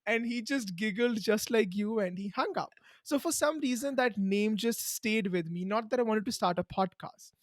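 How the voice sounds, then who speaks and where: A woman's voice: fairly high pitch, normal speed, no echo. Earnest Indian-accented woman host, dry sound. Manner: earnest, encouraging, repeats herself for emphasis. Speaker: podcast host. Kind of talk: conversational interview answer.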